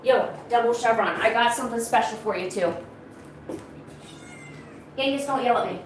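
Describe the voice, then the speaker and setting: A woman's voice: fairly high pitch, normal speed, slight background noise. A woman streamer chatting casually at home, cooing to her pets in baby talk. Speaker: art streamer. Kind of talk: casual chat to pets and viewers.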